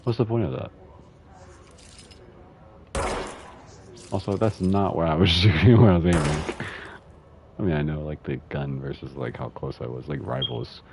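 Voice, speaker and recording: A man's voice: extremely low pitch, moderate pace, creaky, pauses often, noisy background. A young man streaming a game, casually reading in-game letters aloud with laughing, swearing commentary.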